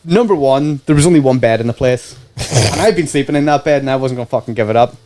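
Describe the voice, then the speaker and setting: A man's voice: mid-range voice, quick pace. A man talking as a podcast guest, telling a casual anecdote full of swearing. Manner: profane, animated anecdote-telling. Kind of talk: casual storytelling.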